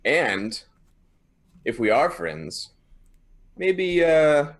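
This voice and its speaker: A man's voice: a little high, big pitch swings, very slow, pitched above the performer's own voice, heavily acted. A man voicing a male dwarf adventurer who bargains in a coaxing, persuasive way, in a tabletop game.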